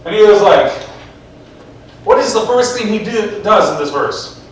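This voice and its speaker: Man, preacher, interactive sermon, high voice, heavy hall echo, distant mic. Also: lively intonation, a little slow. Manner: conversational, asks the congregation questions. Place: church. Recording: echoey church hall, mic far off.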